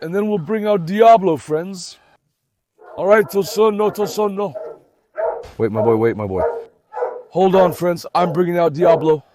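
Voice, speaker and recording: A man hosting a dog vlog, who excitedly pleads with and scolds his dogs, then calmly comments on their behavior. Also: high-pitched, slight background noise. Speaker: dog owner and channel host. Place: outdoor garden with dogs.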